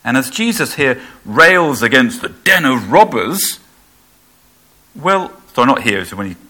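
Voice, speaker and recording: Lively male preacher. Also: medium pitch. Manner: conversational, asks the audience rhetorical questions. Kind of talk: sermon.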